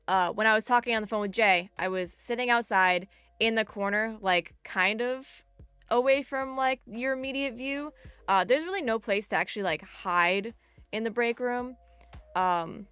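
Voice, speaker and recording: A young woman streaming live, telling a story in an animated, chatty way with lots of "like". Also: mid-range voice, smooth, no echo.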